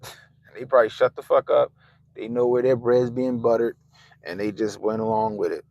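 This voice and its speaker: A man hosting a livestream, ranting casually and swearing constantly, swinging between loud outbursts and low mutters. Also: fairly even intonation, normal speed, low-quality recording. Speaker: livestream host. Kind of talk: profane casual rant. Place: Baltimore.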